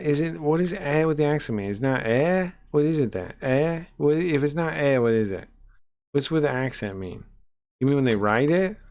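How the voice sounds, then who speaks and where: A man's voice: fairly high pitch, a little mellow. A man in casual chat, reacting to a video and playfully repeating sounds as he tries to pronounce foreign words. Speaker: reaction streamer.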